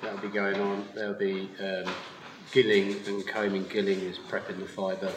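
A man's voice: deep voice, completely flat delivery, normal speed. A man who owns a wool mill, explaining his work with an easygoing manner and frequent laughs in a live podcast interview. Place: live at a yarn festival. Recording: roomy live festival recording, faint noise.

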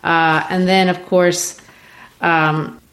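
A woman discussing a classic play in a relaxed lesson, explaining with thoughtful pauses and fillers. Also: on the low side. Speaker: literature teacher. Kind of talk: discussing and reading a play aloud.

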